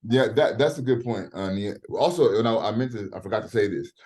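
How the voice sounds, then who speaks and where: A man's voice: lowish voice, a little fast, darkish tone. A middle-aged man teaching a class over a video call, talking in a casual, direct way and swearing freely. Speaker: professor. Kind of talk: online class lecture.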